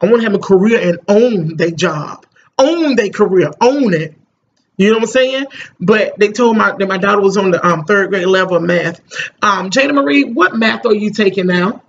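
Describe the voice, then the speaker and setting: A woman's voice: medium pitch, animated, normal speed, dull audio, slight background noise. A middle-aged mother talking casually to the camera, emphatic and rambling, often repeating "you know what I'm saying.". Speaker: parent vlogger.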